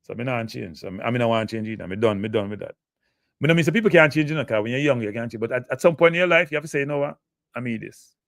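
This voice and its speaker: A man's voice: medium pitch, expressive, rapid-fire, gravelly, a bit bright, no echo, studio quality. A Jamaican man hosting a live football talk show, blunt and emotive, answering chat comments.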